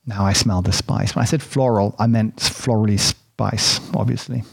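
A man's voice: fairly low pitch, fairly even intonation, moderate pace, vocal fry, breathy edge. A man hosting a casual chocolate tasting, chatty and rambling, poking fun at himself. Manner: chatty, rambling and self-deprecating.

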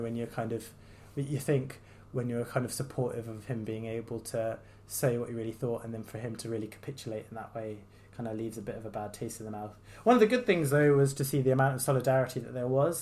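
A man's voice: medium pitch, a little mellow. A man hosting a solo podcast, a doctor, talking in a loose, rambling way with an exasperated, sardonic edge. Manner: exasperated, sardonic, mocking quoted voices; loose and rambling, with many fillers and restarts.

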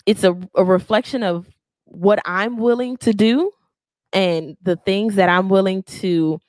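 A woman's voice: medium pitch, measured pace, dry recording. A woman co-hosting a casual podcast, talking expressively. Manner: expressive, animated storytelling. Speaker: podcast co-host. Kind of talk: casual chat.

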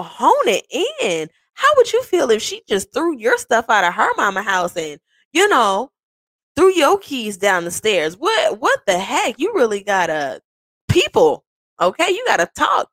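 Woman doing her bossy big sis, high and exasperated, lecturing. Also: wildly swooping pitch, unhurried, fairly bright tone, no room sound, exaggerated voice. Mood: scolding. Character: scolding older sister, sensible, exasperated.

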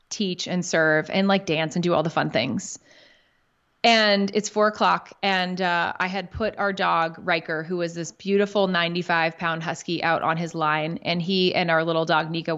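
A woman's voice: lowish voice, a bit bright. A woman in her thirties, a podcast guest, telling a personal story in a candid, emotional way and swearing casually. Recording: dull lo-fi audio.

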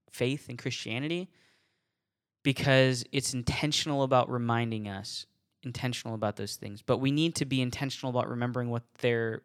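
A man's voice: mid-range voice, clean tone. A man hosting a solo podcast about faith, talking casually and earnestly, often chuckling and restarting his words. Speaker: podcast host.

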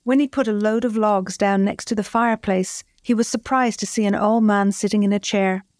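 Woman storyteller, measured scripted fairy-tale reading, mid pitch. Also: fairly even intonation, a little mellow, no room sound. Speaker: host and storyteller.

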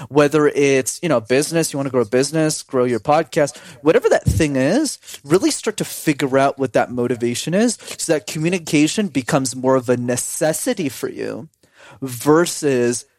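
Energetic male podcast guest, quick and animated, mid-pitched, dry close sound. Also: dry recording. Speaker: podcast guest, communication coach. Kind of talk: casual podcast chat.

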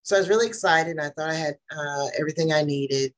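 A woman's voice: low-pitched, fast. A middle-aged woman therapist in private practice, rambling a little as she shares her story in a group Q&A. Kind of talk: casual group Q&A.

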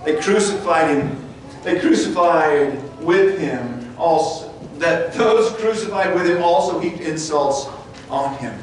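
A man preaching a sermon and reading scripture aloud, his voice climbing high and loud for the mockers and dropping low and quiet for the somber moments. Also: slow. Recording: distant mic in a very echoey room with faint noise.

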